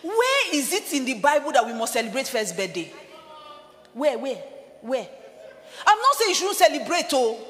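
High-voiced woman preaching in a hall. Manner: emphatic, rising to shouts and dropping low for quoted voices. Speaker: pastor. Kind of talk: sermon. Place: church hall. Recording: reverberant church hall with music.

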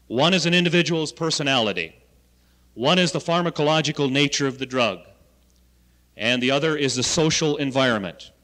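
A man's voice: medium pitch, animated, normal speed, fairly bright tone. A man giving an anecdotal lecture to students as a health education coordinator, asking rhetorical questions and telling folksy stories. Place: lecture hall. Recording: reverberant hall, 1970 archive recording.

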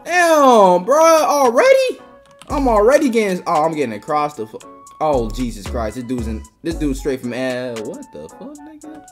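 A woman giving profane, excitable live commentary while playing a game, swinging from low mutters to sudden outbursts. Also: a little fast, soft background music. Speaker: gaming channel host.

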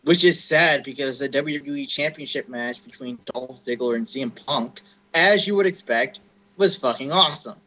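A man's voice: mid-range voice, moderate pace, sharp tone, rough recording. A man co-hosting a wrestling podcast, ranting bluntly and swearing often in casual chat. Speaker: podcast co-host.

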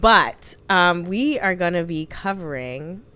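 A woman's voice: fairly low pitch, expressive, takes it slowly, bright, forceful tone, clear, resonant tone. A woman co-hosting a podcast in casual chat, talking freely with lots of fillers and restarts. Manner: chatty, many fillers and restarts. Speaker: podcast co-host.

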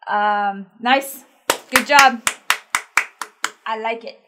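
A woman casually chatting as a metal reaction host, playful and excitable, rambling with lots of fillers. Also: on the high side, very slow, very noisy.

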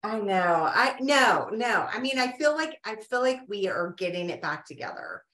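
A woman's voice: medium pitch, animated, normal speed, sharp tone, reverberant. A woman guest on a podcast, teasing playfully in casual chat.

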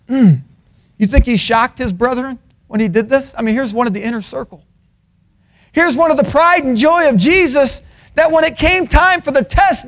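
A man with a high-pitched voice preaches a sermon in a college chapel. He moves between loud, emphatic peaks and low, quiet asides. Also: moderate pace.

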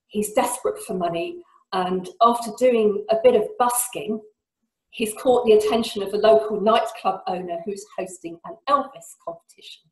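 A woman author reads a passage from her novel over a video call. She lifts her voice high and loud for shouted lines. The sound comes from an echoey room. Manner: lively reading, voicing shouted lines with big pitch jumps. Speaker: author giving a reading. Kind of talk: reading aloud from her novel.

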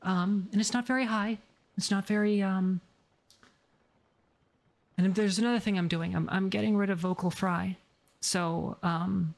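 A woman streamer in casual chat, rambling with many fillers while demonstrating voice exercises that move between a low and a higher register. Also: fairly even intonation, unhurried, gravelly, pauses often, a little mellow.

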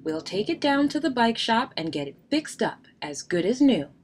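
A woman's voice: a little high, big pitch swings, moderate pace, pitched above the performer's own voice. A woman reading aloud, voicing a reassuring father bear in a storybook.

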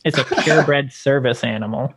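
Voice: mid-range voice, moderate pace, fairly bright tone, slightly rough, dry recording. A tabletop player speaking in character in a chatty, rambling way. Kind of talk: playing a tabletop game in character.

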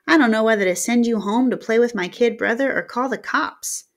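A woman's voice: on the high side, fairly quick, natural voice. A cocky, self-assured teenage boy, as a woman reads him aloud in an audiobook. He is brash and teasing, talking in easy slang.

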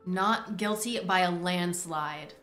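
Bright-voiced woman judging a game. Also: lowish voice. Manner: theatrical, quick swings into loud exclamations. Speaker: streamer playing a courtroom judge game. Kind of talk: playful gaming commentary. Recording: roomy echo with faint music.

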